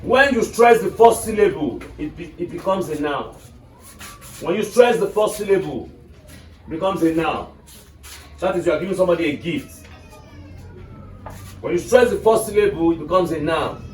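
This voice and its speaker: A man's voice: fairly high pitch, expressive, moderate pace, pauses often, darkish tone. A male teacher giving an English lesson to a class, often checking that his students are following. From Nigeria. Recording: echoey room, mic far off.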